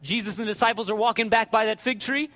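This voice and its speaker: Animated high-voiced man preaching in a hall. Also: fast talker. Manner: animated, conversational, asks "right?" often. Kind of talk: sermon.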